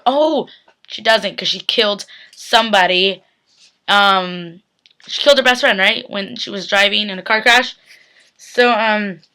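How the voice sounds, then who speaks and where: Young woman vlogger, bright tone, chatty and emphatic, webcam recap. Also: mid-range voice. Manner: chatty, emphatic, lots of "like" and "literally". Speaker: YouTube TV reaction vlogger. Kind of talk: casual recap chat.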